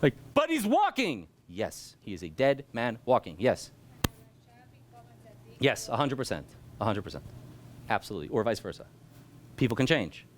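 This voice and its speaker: A man, a rabbi teaching an adult class, telling a lively teaching story and acting out its people, jumping between loud bursts and hushed asides. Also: lowish voice, slight background noise. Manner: animated, acts out voices and jumps between loud and hushed.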